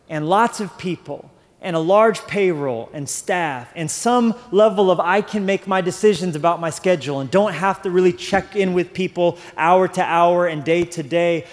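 Male pastor, young adult, slightly high voice; rambling storyteller who builds to fervent preaching; big reverberant hall. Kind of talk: sermon with personal story.

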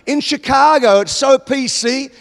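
A man with an Australian accent preaching a sermon, emphatic and building to loud exclamations. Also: extremely high pitch, a little slow, vocal fry. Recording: long hall reverb.

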